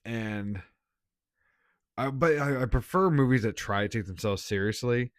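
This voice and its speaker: A man's voice: mid-range voice, a little slow, dry recording, clean studio sound. A man giving a casual, blunt movie review, laughing often and swearing.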